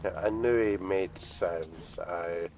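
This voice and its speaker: A man's voice: low voice, takes it slowly, poor audio. A man streaming a video game, teasing his friend and swearing at the game as he plays. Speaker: gaming streamer. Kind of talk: casual gaming commentary.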